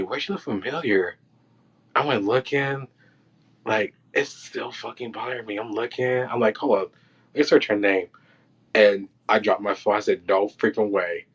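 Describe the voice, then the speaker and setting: Man, low voice, loose animated storyteller; muffled lo-fi recording. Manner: loose and animated, acting out quotes and reactions. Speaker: podcast guest, film crew electrician. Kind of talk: casual storytelling. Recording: dull lo-fi sound.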